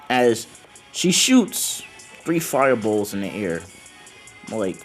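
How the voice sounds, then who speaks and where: A man improvising a casual fan-fiction story in first person, loose and excited, swearing and acting out the dialogue with lots of fillers. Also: fairly low pitch, unhurried, pauses often, faint music behind.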